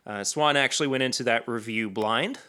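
A man's voice: medium pitch, a little fast, pushed and bright. A man co-hosting a podcast in casual chat, talking loosely with plenty of fillers and restarts. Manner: conversational, with frequent fillers and restarts. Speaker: podcast co-host.

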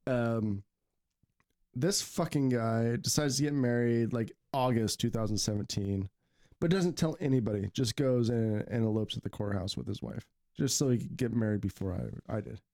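A man's voice: mid-range voice, normal speed, dark tone, no room sound, clean studio sound. A man in his thirties hosting a podcast, telling stories in a blunt, profane, laughing way during casual chat. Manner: blunt, swearing, laughing storyteller. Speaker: podcast host.

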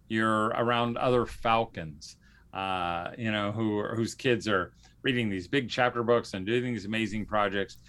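His voice is fairly low yet fairly bright as this podcast host chats in a loose, rambling way, often restarting sentences and leaning on fillers.

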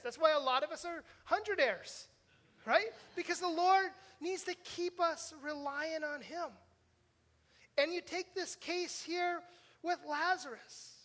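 Male pastor, high bright voice, chatty sermon with lots of rhetorical "right?", long hall reverb. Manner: conversational, asks the congregation questions with frequent "right?"; self-deprecating humor.

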